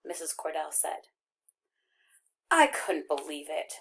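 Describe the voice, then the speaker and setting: A woman reading a first-person novel aloud as an audiobook narrator, with expressive, wry storytelling. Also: sits low, slow, creaky.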